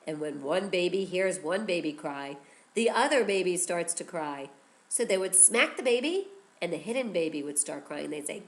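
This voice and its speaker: A woman teacher telling a story to children in an animated way, often drawing her young listeners in. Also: lowish voice, moderate pace, low-quality recording. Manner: animated, addresses listeners with "guess what".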